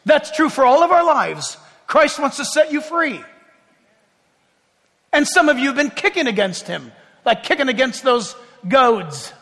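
A man preaching as a pastor, animated, moving from hushed tones to loud calls. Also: very high voice, measured pace. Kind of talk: sermon. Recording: long reverb of a large hall.

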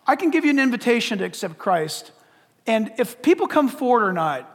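A man's voice: high-pitched, big pitch swings, normal speed, gravelly, a bit bright, slightly rough. A man preaching a sermon and giving an altar call, speaking with blunt, earnest and repetitive pleading. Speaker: pastor. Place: church sanctuary. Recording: long reverb of a large hall.

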